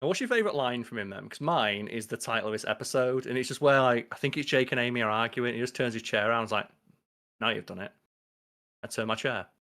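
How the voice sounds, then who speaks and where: Man, casual podcast chat, animated, swears freely. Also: medium pitch, racing, hardly any pauses. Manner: animated, swears freely, acts out quoted lines. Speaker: podcast co-host.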